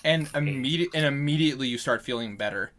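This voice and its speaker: A man's voice: medium pitch, quick pace, fairly bright tone. Congested man running a tabletop game. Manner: stop-start, correcting himself mid-sentence. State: congested with a cough. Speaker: dungeon master. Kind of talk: narrating a tabletop game over voice chat.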